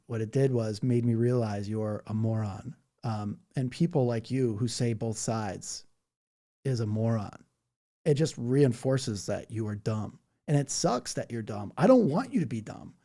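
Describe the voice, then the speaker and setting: A man talks on a live stream, reading viewers' comments and answering them head-on. His voice is dark and mellow, but his manner is blunt and combative. He leans on "dude" and "bro" and now and then mocks people with put-on voices. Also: medium pitch, unhurried. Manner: blunt and argumentative, slips into mocking voices; says "bro" and "dude" a lot. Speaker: livestreamer reading chat. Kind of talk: casual live-stream chat.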